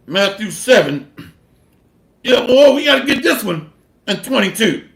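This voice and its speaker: A man's voice: sits high, sing-song, unhurried, vocal fry, pauses often, echoey room. A man giving a blunt, street-style sermon, reading scripture aloud and mixing it with slang and profanity. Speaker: bible teacher.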